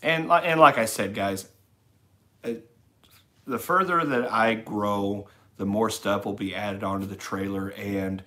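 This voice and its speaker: A middle-aged man with a fairly low voice talks loosely to his livestream viewers. He rambles in an easygoing way and reads their chat messages aloud as they come in. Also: measured pace, bright, forceful tone. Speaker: livestream host. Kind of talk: casual live-stream chat reading comments.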